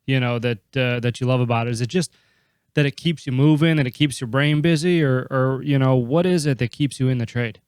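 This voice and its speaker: A man's voice: mid-range voice, brisk, darkish tone, smooth, no echo, studio quality. A man hosting a podcast interview, affirming his guest and asking follow-up questions. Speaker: podcast host.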